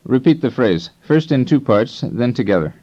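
A man narrating a scripted language lesson as instructor, in a calm, measured teaching tone. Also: mid-range voice. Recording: dull lo-fi tape recording.

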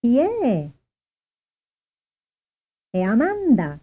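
A woman giving short model phrases for a language drill with deliberate, exaggerated intonation. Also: fairly high pitch, wildly swooping pitch, breathy edge. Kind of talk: slow repeated drill examples. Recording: tinny narrow-band recording.

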